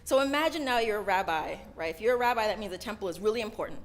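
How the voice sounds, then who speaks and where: A woman's voice: mid-range voice, animated, very fast. Chatty woman telling a sermon story. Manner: chatty, keeps adding "right?". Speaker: sermon speaker. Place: synagogue service.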